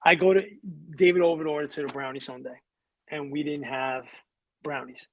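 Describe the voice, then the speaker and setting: A man's voice: a little high, brisk, highs cut off, slight background noise. A middle-aged man from New York, guest in a conversation, telling stories casually with profanity and acted-out voices. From New York, USA. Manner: animated, profane, acts out quoted voices.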